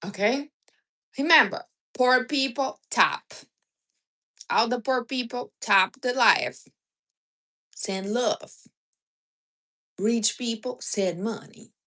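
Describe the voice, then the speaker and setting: A woman's voice: on the high side, slow, long pauses, bright, forceful tone. Blunt, teasing woman hosting a livestream. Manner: blunt, teasing advice with non-native grammar. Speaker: livestream host. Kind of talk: casual livestream chat.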